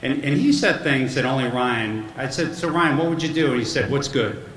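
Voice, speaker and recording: A middle-aged man delivers a commencement speech at a podium mic, his medium-pitched voice fairly quick and fairly bright. He tells jokey, self-deprecating family stories, recorded in an echoey hall with background noise.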